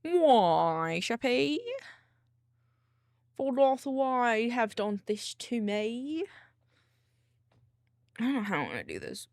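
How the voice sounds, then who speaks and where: Gravelly, chatty woman streamer. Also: fairly high pitch, big pitch swings, slow pace, long pauses, darkish tone, no room sound. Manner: rambling, with many likes and restarts. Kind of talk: casual chat while working.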